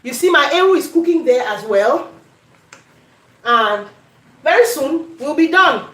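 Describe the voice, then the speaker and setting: Cameroonian-accented woman, high voice, chatty cooking host, echoey home kitchen. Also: expressive, unhurried, long pauses, a bit bright. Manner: chatty, addresses viewers, breaks into Pidgin. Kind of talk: casual cooking demonstration.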